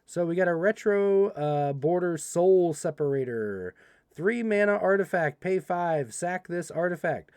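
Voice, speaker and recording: A young man hosting a livestream, casually reading card text aloud and joking with chat in an animated way. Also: high voice, smooth, no echo, studio quality. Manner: animated, reads card text quickly, playful asides to chat. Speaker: livestream host opening card packs.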